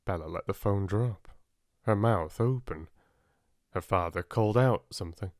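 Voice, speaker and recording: A man calmly narrating a relaxing audiobook for sleep, close to the mic. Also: on the low side, moderate pace, dry recording.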